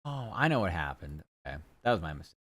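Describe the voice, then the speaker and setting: A man's voice: low-pitched, sing-song, fast, a bit bright, husky, dry recording. A man streaming, chatting casually and rambling loosely, with the odd swear word. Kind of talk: casual live-stream chat.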